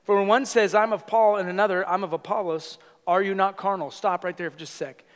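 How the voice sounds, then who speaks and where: A senior pastor with a bright, high-pitched voice and a Californian accent preaches a brisk sermon in a church sanctuary. He's animated and conversational, tossing playful asides to the congregation, and the long reverb of the hall carries his words.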